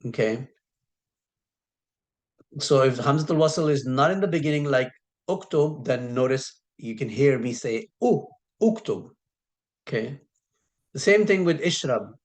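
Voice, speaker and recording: A man teaching a recorded lesson who patiently repeats key sounds and draws words out slowly for emphasis. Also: medium pitch, lively intonation. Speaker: Arabic teacher.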